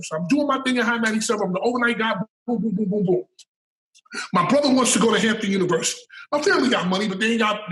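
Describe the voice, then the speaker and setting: Loud high-voiced New man. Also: roomy sound, low-quality recording. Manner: loud, profane, bursts into shouted hype calls. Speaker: interview guest. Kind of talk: animated storytelling.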